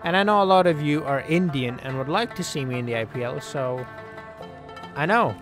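A man giving casual, joking commentary over his own video game play, yelling at the players on screen. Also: on the high side, brisk, music in the background. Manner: excitable, jokey, scolds the game's players aloud. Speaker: gaming channel host.

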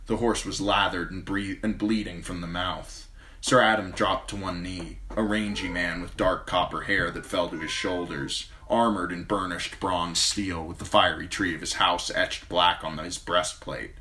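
Man, audiobook narration, low voice, bright tone, steady pace. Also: normal speed. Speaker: amateur audiobook reader.

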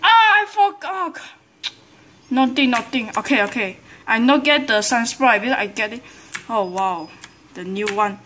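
High excitable woman gamer. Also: unhurried, a little hiss or hum. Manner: excitable, frequent exclamations and groans, broken English. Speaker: gameplay commentator. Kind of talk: live gameplay commentary.

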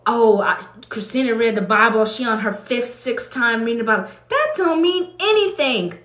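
A woman's voice: lively intonation, moderate pace, fairly bright tone. Fervent woman preaching in an echoey room. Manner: emotional, builds to fervent high exclamations. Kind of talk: impassioned preaching.

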